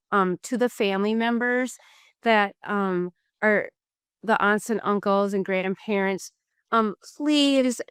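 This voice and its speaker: Earnest middle-aged woman, animated storyteller. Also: mid-range voice, clean tone, dry recording, studio quality. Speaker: podcast co-host. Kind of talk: casual faith-based chat.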